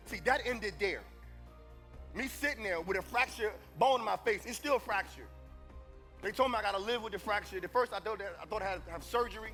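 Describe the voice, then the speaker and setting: A man giving a live motivational speech at a conference, preacherly, moving between hushed confession and loud calls to the audience. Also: high-pitched, normal speed, soft background music. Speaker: motivational speaker. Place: conference stage before an audience.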